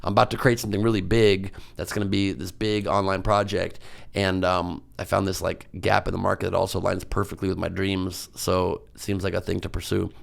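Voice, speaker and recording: A man's voice: low-pitched, flat delivery, fairly quick, vocal fry. A man, a comedian guest on a podcast, telling stories in a rambling, self-mocking way with lots of fillers. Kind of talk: casual podcast storytelling.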